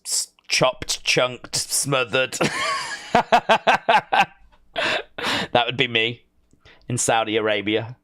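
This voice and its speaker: An English man chats his way through a live stream, reading viewer comments aloud and riffing on them in a loose, rambling way. His voice sits at an ordinary middle pitch. The sound is close and dry, with no room around it. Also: a bit bright, no echo. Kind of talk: casual watch-along chat.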